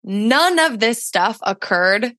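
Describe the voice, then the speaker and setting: A young adult woman appears as a podcast guest, telling a personal story in casual chat and saying "like" often. Her voice is a little high and fairly bright, with lively intonation and a slow pace. The sound is clean studio quality with no echo.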